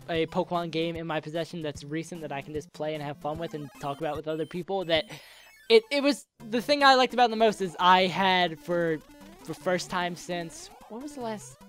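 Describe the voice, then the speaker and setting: A man's voice: sits high, fairly bright tone. Young man, casual gamer Q&A chat, rambling and jokey, getting a sore throat, faint music behind. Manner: rambling, joking, self-interrupting. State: coming down with a cold, sore throat. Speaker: YouTuber answering viewer questions. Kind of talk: casual Q&A chat while playing a game.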